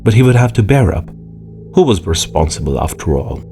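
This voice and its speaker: A man narrating an audiobook in a measured, expressive way. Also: lowish voice. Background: faint music.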